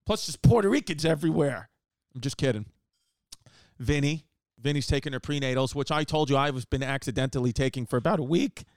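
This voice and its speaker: A man hosting a casual comedy show from his living room, rambling and joking with quick asides. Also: on the high side, no room sound. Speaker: podcast host.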